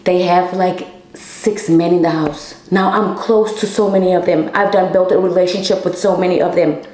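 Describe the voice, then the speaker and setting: Candid young woman with a low voice. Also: steady tone, moderate pace, darkish tone, roomy sound, rough recording. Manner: candid, emotional, swears freely, addresses viewers as y'all. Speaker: vlogger telling a personal story. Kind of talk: casual storytime.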